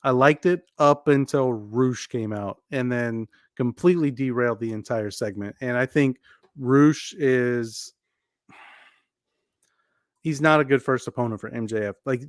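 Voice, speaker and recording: A man co-hosting a wrestling podcast, laying out his views in a steady, measured way. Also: medium pitch, no echo, studio quality. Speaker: podcast co-host. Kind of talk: casual podcast chat.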